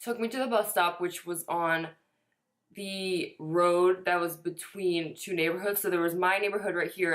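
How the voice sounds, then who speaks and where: A woman's voice: on the low side, a bit bright. A woman in her twenties telling a personal story in a casual, chatty way, swearing now and then and saying "like" a lot. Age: 20s. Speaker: vlogger.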